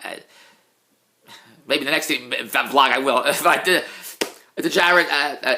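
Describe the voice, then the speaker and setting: A middle-aged man in a casual, self-mocking rant, swinging between low mutters and loud outbursts. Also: takes it slowly, long pauses. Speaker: vlogger, TV producer. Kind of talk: casual ranting monologue.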